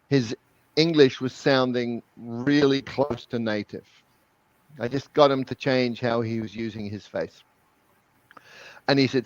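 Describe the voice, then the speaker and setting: A man's voice: medium pitch, no room sound, lo-fi sound. A man guest in a webinar interview, explaining with energy and often repeating words as he talks. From New Zealand. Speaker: guest language expert.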